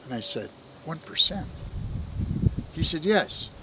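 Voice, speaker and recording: Chuckling between tales, a seventy-something man shares folksy anecdotes from the business world as a podcast guest; he's a benefits administrator. His mid-range voice is expressive and moves at a moderate pace, though the recording is very noisy.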